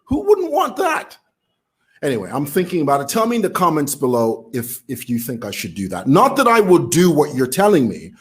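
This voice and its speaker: Animated Zambian man vlogging. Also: medium pitch, a little fast, hardly any pauses. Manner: animated, laughs while talking. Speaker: vlogger commentator. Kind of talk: casual talk to camera.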